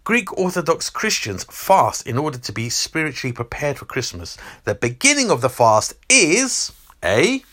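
A man's voice: on the high side, moderate pace. A man hosting a Christmas quiz, reading out multiple-choice questions and teasing the contestants. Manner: animated, teasing, reads multiple-choice options. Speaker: quiz host.

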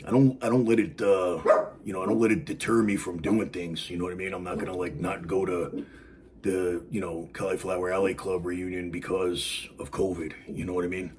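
A man's voice: low voice, fairly even intonation, brisk, a little mellow, slight background noise. A man answering fan questions in a casual live stream from home, rambling with lots of fillers and "you know what I mean.". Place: home with dogs barking nearby.

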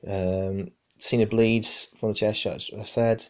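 A man's voice: fairly low pitch, level tone, measured pace. A man hosting a casual podcast, rambling with many fillers and restarts. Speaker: podcast host. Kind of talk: casual wrestling review podcast.

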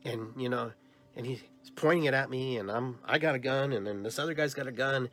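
A male podcast host telling a dream story in a lively way, acting out the dialogue he quotes. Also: medium pitch, brisk. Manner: animated storyteller who acts out quoted dialogue.

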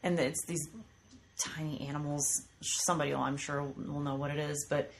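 Animated woman telling stories, slightly low voice. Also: normal speed. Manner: animated storyteller, acts out voices in quotes. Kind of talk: casual chat. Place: studio with microphones.

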